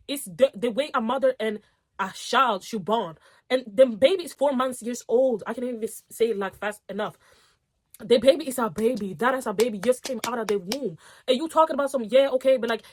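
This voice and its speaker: A woman's voice: fairly high pitch, fast. A young woman reading online posts aloud and reacting in a casual, outspoken way, swearing and getting heated. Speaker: storytime reactor.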